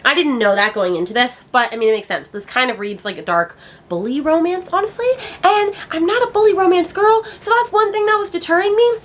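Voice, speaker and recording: A woman's voice: mid-range voice, fairly bright tone. A woman book vlogger chatting casually and ranting with exasperated asides. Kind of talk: casual chat.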